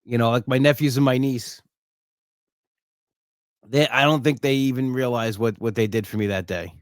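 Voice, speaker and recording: A man's voice: medium pitch, steady tone, normal speed, no echo, clean studio sound. A middle-aged man hosting his own podcast, talking earnestly and from the heart, often restarting and saying "you know". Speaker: podcast host. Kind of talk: solo podcast monologue.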